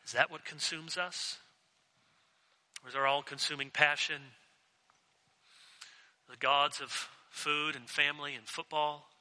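Pastor, male, earnest and emphatic, bright cutting tone, long sanctuary reverb. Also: on the high side, steady tone, unhurried, pauses often. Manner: earnest, emphatic, asks the congregation direct questions. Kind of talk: sermon.

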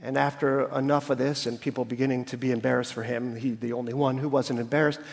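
A man's voice: mid-range voice, flat delivery, fast, gravelly. A man preaching an expository sermon, explaining scripture with everyday stories and acting out quoted voices with rising emphasis. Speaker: pastor. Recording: long hall reverb.

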